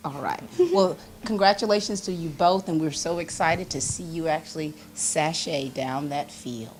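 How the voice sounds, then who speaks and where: A woman's voice: low voice, normal speed, darkish tone, a little hiss or hum. A chatty woman hosting a local TV interview, laughing often. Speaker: host.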